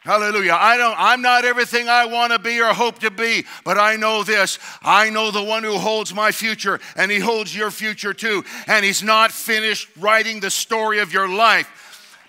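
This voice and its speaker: Man, pastor, high bright voice, preaching, shouted emphasis, middle-aged. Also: steady tone, normal speed, clear, resonant tone. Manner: preaching with rising shouted emphasis and call-outs. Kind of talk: sermon.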